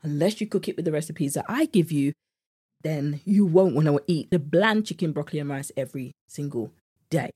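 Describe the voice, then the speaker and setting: A British woman talks through her solo podcast with a slightly husky, lowish voice. She is chatty and animated and laughs at her own jokes. She swings up high when she gets playful. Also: fairly quick. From United Kingdom. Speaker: podcast host and nutrition coach.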